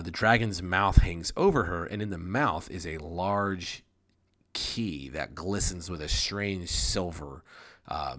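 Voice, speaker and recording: A man's voice: low voice, fairly bright tone. A man narrating as game master in a tabletop game, casual and rambling, with the odd swear.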